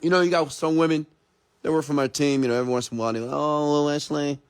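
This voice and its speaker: A man's voice: on the high side, racing, clear, resonant tone. Blunt, profane man ranting. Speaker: entrepreneur and mentor. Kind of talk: late-night motivational rant.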